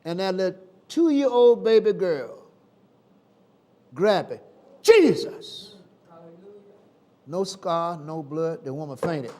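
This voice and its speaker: A male preacher delivering a sermon in a folksy, colloquial way. His voice is high and swoops widely in pitch, and he speaks slowly as he moves between shouts and quiet tones. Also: lively intonation. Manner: dramatic, swings between shouting and hushed tones.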